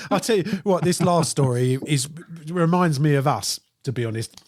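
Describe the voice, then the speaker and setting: A middle-aged man co-hosting a podcast, chatting casually and reading out odd news stories with frequent laughter. His voice sits a little high for a man. The sound is dry and close, with almost no room echo. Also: normal speed, darkish tone. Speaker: podcast co-host.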